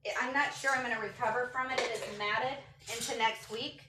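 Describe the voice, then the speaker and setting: A woman's voice: fairly high pitch, fairly even intonation, a little fast, heavy background noise. A woman chatting casually on a phone livestream and answering viewers' comments aloud. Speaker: vlogger answering live chat. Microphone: phone camera.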